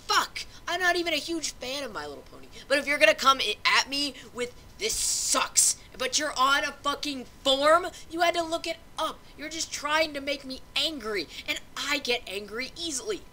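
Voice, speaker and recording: Bright-voiced young woman ranting and swearing. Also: expressive, fairly quick, few pauses, slight background noise. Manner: swears constantly, gets louder and higher when riled up. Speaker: vlogger. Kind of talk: casual profane rant.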